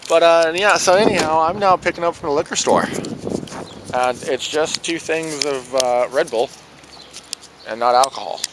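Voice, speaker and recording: A man vlogging from his car in a parking lot, ranting sarcastically and swearing, breaking into mocking high yells. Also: moderate pace, background noise. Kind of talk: casual vlog ranting while driving.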